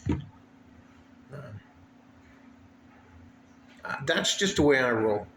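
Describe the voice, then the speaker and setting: A man's voice: mid-range voice, sing-song, very slow, a bit bright. Profane, fed-up man venting in echoey room. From West Texas. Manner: profane, heated, repetitive. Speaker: vlogger. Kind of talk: angry venting monologue. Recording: echoey room with faint ambient noise.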